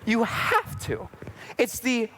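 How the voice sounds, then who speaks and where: A young man delivers a sermon-style talk on a faith podcast, his voice sitting high and swinging widely as he tells a story. He acts out the people in his stories with lively shifts of tone, moving between earnest teaching and vivid narration. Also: takes it slowly, slight background noise. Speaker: podcast co-host giving a teaching.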